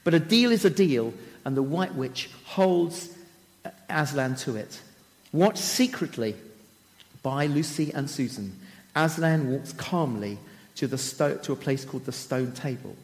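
A man's voice: mid-range voice, lively intonation, measured pace, long reverb tail. A man giving a talk who vividly and dramatically retells a children's story.

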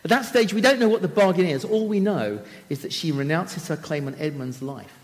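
A man's voice: fairly high pitch, brisk, in a large hall. A man giving a talk who vividly and dramatically retells a children's story.

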